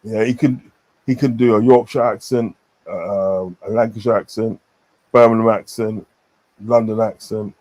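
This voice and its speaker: A man's voice: lowish voice, fairly even intonation, moderate pace, darkish tone. Rambling man chatting casually. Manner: rambling, repeats himself, many fillers. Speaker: streamer. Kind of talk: casual chat.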